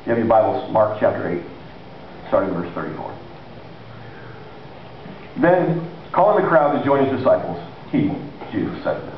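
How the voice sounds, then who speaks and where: A man preaching a sermon in a conversational, animated way, acting out the people he quotes. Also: on the low side, normal speed, long pauses, a little hiss or hum. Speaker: pastor. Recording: echoey hall, distant mic, lo-fi.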